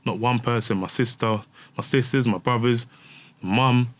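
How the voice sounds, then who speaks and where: A man's voice: mid-range voice, steady tone, measured pace. A man, candidly telling a personal story as a podcast guest and acting out the voices of the people in it. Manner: candid, acts out quoted dialogue, many restarts. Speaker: guest footballer.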